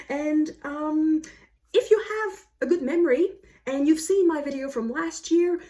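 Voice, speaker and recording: A woman's voice: a little high, dark tone. Chatty woman presenting books. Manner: chatty, many fillers and self-corrections. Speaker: book vlogger. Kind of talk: casual book chat to camera. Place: home, snowy day outside.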